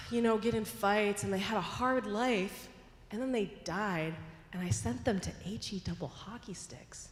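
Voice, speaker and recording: A woman voicing a curious little boy who asks earnest, wide-eyed questions, in an echoey hall. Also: a little high. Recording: echoey hall with long reverb.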